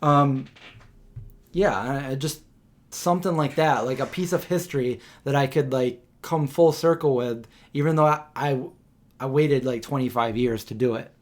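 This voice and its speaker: Animated male storyteller on a live stream. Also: normal speed. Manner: animated storyteller, acts out quotes with raised pitch; restarts and fillers, conversational.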